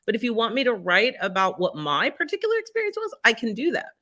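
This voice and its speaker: Bright-voiced woman, earnest podcast guest. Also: on the high side, huge pitch swings, fast talker. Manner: earnest and reflective, speaks from personal experience. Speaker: guest writer. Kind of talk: casual podcast conversation.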